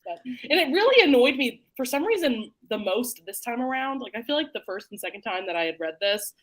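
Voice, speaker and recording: Lively, laughing book club host. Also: female voice, on the high side, a little fast. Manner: laughs often, Southern "y'all". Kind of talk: casual chat.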